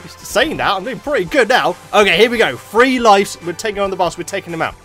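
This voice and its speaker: A man giving jokey let's play commentary as a gaming YouTuber, getting excitable and yelping at close calls. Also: high voice, fast talker, faint music behind. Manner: excitable, jokey, yelps at near misses.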